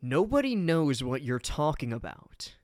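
A man voicing a guarded young swordsman in a read-aloud story, speaking curtly and gravely. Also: a little high, very animated, a little slow, darkish tone, dry recording, clean studio sound, voice pushed up. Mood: irritated. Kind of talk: storybook reading.

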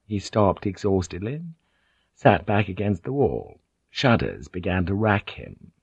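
A man reading a novel aloud in measured, tense scripted narration. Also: sits low, big pitch swings, gravelly, darkish tone, husky, no echo, lo-fi sound. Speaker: audiobook narrator.

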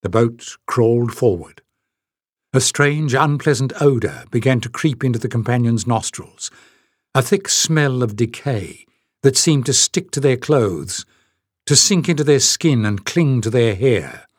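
A man's voice: mid-range voice, animated, measured pace, husky, no room sound. Man narrating an audiobook, dry sound. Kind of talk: scripted narration.

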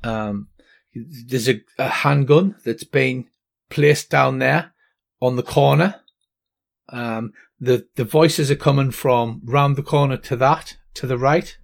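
A man's voice: mid-range voice, slow, creaky. A man narrating a tabletop game as game master, with many ums and restarts. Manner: hesitant, lots of ums and restarts.

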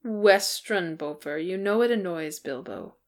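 A woman voicing a kindly, burly male dwarf with a soothing, gentle manner in a storybook reading. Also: fairly low pitch, animated, measured pace.

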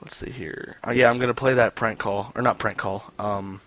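A man's voice: on the low side, fairly even intonation, a little fast, a bit bright. A man chatting casually to his stream viewers, rambling and swearing with lots of fillers. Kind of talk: casual chat.

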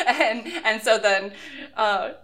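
A woman's voice: on the high side, drawn-out words, pushed and bright. A woman in casual conversation recapping a fantasy novel, laughing often and acting out characters' lines. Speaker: podcast co-host. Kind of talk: casual book discussion.

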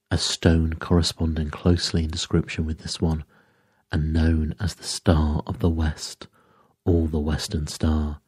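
A man reading a sleep story aloud in a slow, measured storytelling manner. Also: very deep voice, warm tone, slightly rough, no room sound, clean studio sound. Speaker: narrator.

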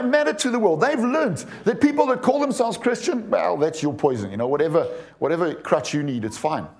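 Preaching in a high voice, a man in his forties speaks emphatically and keeps putting questions to the congregation. He tends to trip over repeated words as he goes.

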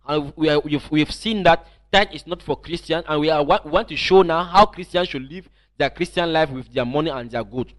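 A man's voice: a little high, normal speed, a bit bright. A man preaching an online teaching sermon, emphatic and often repeating or restarting his phrases.

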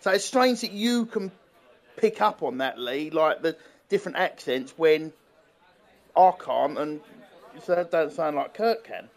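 Man, fairly high voice, casual podcast chat, halting, repeats words. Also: lively intonation. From London. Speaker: podcast co-host.

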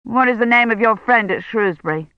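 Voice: medium pitch, brisk, no echo, voice pushed up, natural voice. A reader voicing an older male academic who presses urgently for help. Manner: urgent, persuasive. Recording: dull lo-fi sound.

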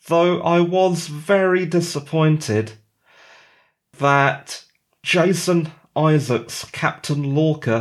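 A man hosting a solo podcast, giving opinionated, conversational commentary with rhetorical questions. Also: a little high. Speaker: podcast host.

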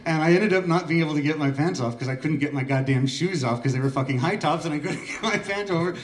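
An open mic host in his forties from Oregon rambles through self-deprecating personal stories in a small art gallery room. His voice is on the high side and fast, heard from across an echoey room at a distance.

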